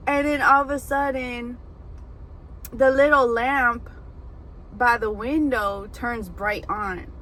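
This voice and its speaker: A woman who braids hair, telling a story in a casual, animated way with lots of fillers. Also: on the high side, takes it slowly, long pauses, background noise. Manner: animated, chatty, many fillers. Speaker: hairbraider and food vlogger. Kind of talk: casual storytelling while eating.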